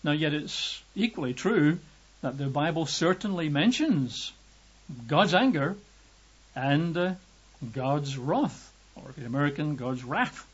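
A man from Britain preaching a lively, emphatic sermon, raising his voice to act out quotes. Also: measured pace, slightly rough. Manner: lively emphatic, acts out quotes with raised pitch. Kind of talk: sermon teaching. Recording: dull lo-fi recording.

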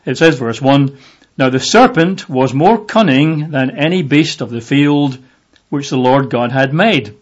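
A man teaching from the Bible in a relaxed, conversational way, with lots of fillers, sometimes acting out the voices in the passage. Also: mid-range voice, a little slow. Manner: conversational, with many fillers, acts out voices in the reading. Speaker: preacher. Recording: dull lo-fi audio.

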